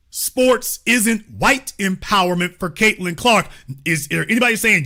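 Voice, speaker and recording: Male host ranting in a commentary show, sarcastic and preachy, bright voice. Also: high voice, expressive, a little slow. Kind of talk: commentary monologue.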